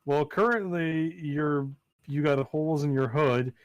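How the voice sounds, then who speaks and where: A man narrating a tabletop game as game master, in playful, halting narration with many fillers. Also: on the high side, no room sound, muffled recording.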